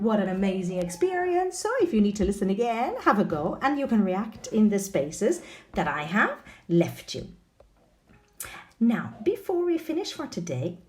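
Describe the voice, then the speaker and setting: A woman teaching an online English lesson, asking the viewer questions in an expressive way. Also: medium pitch, slight background noise.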